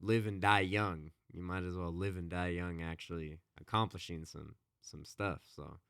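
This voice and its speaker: A man's voice: deep voice, steady tone, normal speed, vocal fry, a bit bright, clean tone, no echo, studio quality. A man co-hosting a podcast, casually retelling a book's story with lots of fillers and restarts. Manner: rambling, many fillers and restarts. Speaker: podcast co-host. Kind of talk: casual chat retelling a book.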